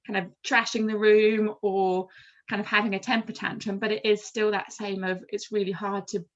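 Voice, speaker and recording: A woman's voice: medium pitch, level tone, moderate pace, muffled recording. A woman with an English accent, a wellbeing practitioner, leads a carers' workshop and explains things in a friendly way with many fillers. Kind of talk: online group workshop talk.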